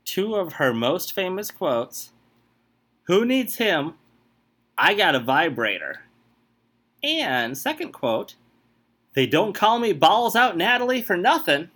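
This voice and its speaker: A man with a fairly high, bright, forceful voice, running a quiz game on a comedy podcast. His delivery is lively and animated, swinging up and down in pitch. He is quick to burst out in exasperation.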